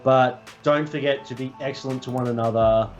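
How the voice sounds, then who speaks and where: A man acting as game master, narrating a tabletop game slowly with drawn-out phrasing and fillers. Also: mid-range voice, fairly even intonation, lo-fi sound, soft background music.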